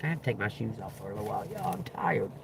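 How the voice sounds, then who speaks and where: A man, telling a profane, animated story on a casual livestream, with loud outbursts. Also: on the low side, racing, gravelly, slight background noise. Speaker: tarot reader livestreamer.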